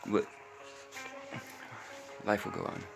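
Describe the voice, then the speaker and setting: A male vlogger chats casually on a live stream, rambling and telling a story in a loose, offhand way while baby-talking to his puppies. He speaks at a slow pace, with music playing under his voice.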